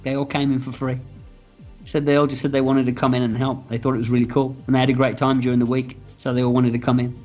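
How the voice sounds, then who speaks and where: Male film director, mid-pitched, chatty anecdotal interview, a bit dull-sounding audio with faint music behind. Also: very fast, few pauses. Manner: animated, acts out quotes in raised pitch, swears freely. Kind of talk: casual interview storytelling.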